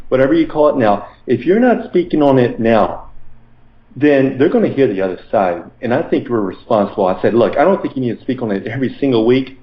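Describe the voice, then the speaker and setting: A man speaks as a podcast guest, earnestly recounting events in a conversational, filler-heavy way. His voice sits at a middle pitch. The recording is roomy and slightly muffled, with the top end rolled off. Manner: earnest, animated retelling with many fillers. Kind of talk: conversational interview storytelling.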